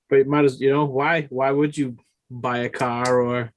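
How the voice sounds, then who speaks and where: A man chatting on a podcast tells his stories loosely, restarting his sentences and circling back. His voice stays level and flat, with little rise and fall. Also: medium pitch, a little slow. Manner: rambling, many restarts and fillers. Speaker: podcast co-host. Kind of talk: casual chat.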